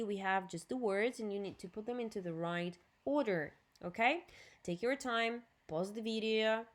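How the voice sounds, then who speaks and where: A woman with a Ukrainian accent teaching an English lesson on video, drilling new words slowly and clearly and adding Russian explanations. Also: mid-range voice, a bit bright.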